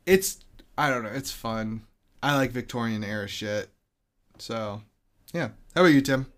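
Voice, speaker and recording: A man hosting a casual podcast, rambling a little and tripping over names. His voice sits at an ordinary middle pitch, and his talk is loose and relaxed. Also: normal speed. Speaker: podcast host. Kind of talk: casual chat.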